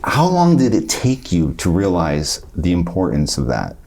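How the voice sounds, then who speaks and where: A male podcast host with a very low, mellow voice. He listens closely, murmurs short affirmations, and asks gentle follow-up questions. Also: wildly swooping pitch, unhurried, creaky. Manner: attentive, many short affirmations. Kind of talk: podcast interview.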